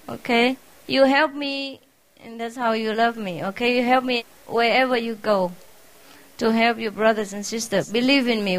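Woman spiritual teacher, not a native English speaker, fairly high voice, warm teasing farewell full of laughter. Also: rough recording. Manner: laughs often, affectionate and teasing; simple, non-native English phrasing. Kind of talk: informal farewell talk to followers.

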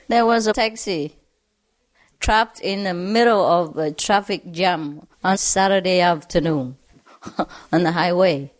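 A woman's voice: lowish voice, slow, pauses often. A woman telling jokes to an audience, laughing through her punchlines and acting out the characters' lines. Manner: acts out characters' lines in quoted voices. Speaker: joke teller.

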